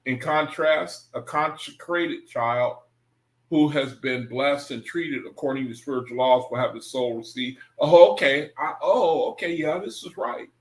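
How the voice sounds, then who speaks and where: A man hosts a study livestream, taking his time as he reads aloud and goes back over lines to understand them. His voice sits at an ordinary middle pitch. Between passages he talks to his viewers in a loose, informal way. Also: low-quality recording. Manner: reads aloud slowly, rereading passages and pausing to think; relaxed, informal talk with the audience. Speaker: host of an online scripture study livestream. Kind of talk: casual livestream reading and commentary.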